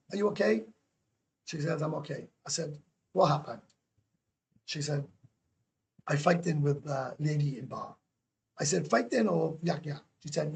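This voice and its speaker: Gravelly excitable man ranting on a livestream. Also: fairly high pitch, slight background noise. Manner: excitable, swearing, rambling storyteller; keeps adding tag questions. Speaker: guest YouTuber calling into a livestream. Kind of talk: casual livestream chat.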